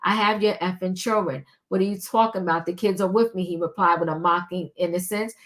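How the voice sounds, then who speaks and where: An older woman giving casual commentary and reading a long text aloud, halting with frequent ums and restarts. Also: lowish voice, steady tone. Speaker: commentary vlogger.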